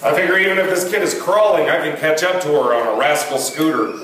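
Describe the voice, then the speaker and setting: A young man with a fairly high voice performs a stand-up set, animated and acting out every character he quotes. He sounds set back from the mic in a very echoey venue. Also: quick pace, crowd noise. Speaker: stand-up comedian. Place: comedy venue. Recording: roomy echo from a distance.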